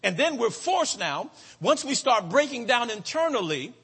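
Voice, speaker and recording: High, lively preacher with hall reverb. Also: male voice, breathy edge. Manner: rhythmic preaching cadence, drawn-out emphatic words, calls to the congregation. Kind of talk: sermon.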